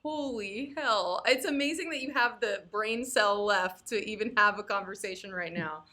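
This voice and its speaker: A woman hosting a live-streamed interview, bubbly and excitable, swearing and laughing often. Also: mid-range voice, moderate pace. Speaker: host.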